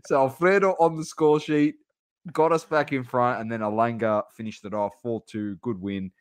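A man's voice: medium pitch, steady tone, normal speed, clean tone, no room sound, studio quality. A man co-hosting a casual sports podcast, rattling off football scores and laughing often. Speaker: podcast co-host.

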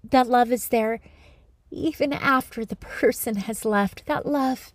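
A woman giving a Christian devotional message with gentle, earnest encouragement, speaking close to the mic. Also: fairly high pitch, slow pace, dry recording. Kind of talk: devotional teaching.

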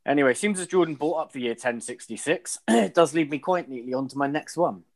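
A man's voice: fairly high pitch, fairly quick. A man running a casual pub-style quiz among friends, teasing and swearing freely. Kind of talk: casual banter.

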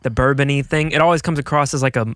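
A man's voice: medium pitch, fairly even intonation, fast talker, fairly bright tone, no room sound, clean studio sound. A man in a casual beer tasting chat, giving blunt, candid opinions.

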